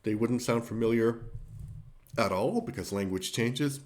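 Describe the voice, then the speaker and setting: A man's voice: mid-range voice, a little slow. A man giving a casual film review, thinking aloud and rambling, with frequent fillers and restarts.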